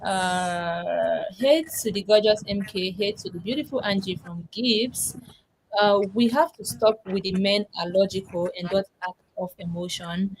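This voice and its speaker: A woman hosts a casual live-streamed talk with an animated, chatty delivery. She reads viewer comments aloud and puts questions to her guests. Faint noise sits behind her voice. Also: mid-range voice, unhurried, low-quality recording. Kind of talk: casual panel chat.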